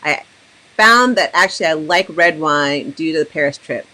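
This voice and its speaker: A young American woman hosts a relaxed conversation with a bright, forceful tone. She tells stories in a lively way and slips into impressions of the people she describes. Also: low-pitched, moderate pace. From United States. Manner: animated storyteller, mimics people she quotes. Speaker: host. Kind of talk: casual chat.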